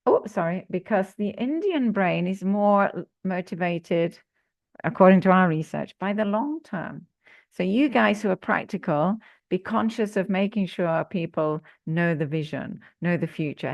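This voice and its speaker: A woman executive coach giving an interactive workshop talk, asking her audience questions in an animated way. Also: fairly low pitch, a little slow, creaky, no echo.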